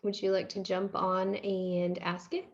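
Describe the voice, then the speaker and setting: A woman's voice: medium pitch, flat delivery, a little slow. A woman moderates a video call, calling on the next person in an upbeat, organizing way. Her audio is dull and lo-fi. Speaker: session moderator.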